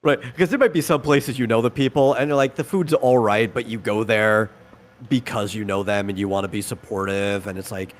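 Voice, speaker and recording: A man's voice: lowish voice, steady tone, a little fast. A man from Texas co-hosting a casual live stream, talking at length and acting out the voices of people he quotes. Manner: talkative, explains at length, acts out quoted voices. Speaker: stream co-host.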